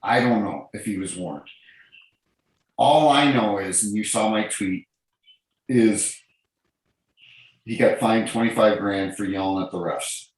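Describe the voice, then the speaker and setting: A man's voice: lowish voice, a little slow, pauses often. A middle-aged man from New Brunswick, Canada, a former referee telling earnest stories in a casual interview over a video call. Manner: earnest, repeats and restarts phrases, tells anecdotes. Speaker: guest, former hockey referee. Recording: very echoey room.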